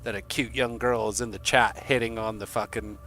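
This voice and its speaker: Bright-voiced man telling a rambling story. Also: on the low side, brisk, slight background noise. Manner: profane, rambling, animated storytelling. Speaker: streamer. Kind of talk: casual storytelling to chat.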